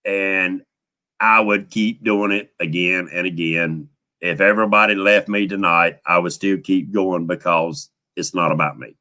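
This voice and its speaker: A man's voice: sits low, fairly even intonation, a little slow, pushed and bright. Folksy man hosting a fishing stream. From United States. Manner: folksy, heartfelt, thanks viewers by name. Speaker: fishing channel host. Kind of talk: casual live stream chat.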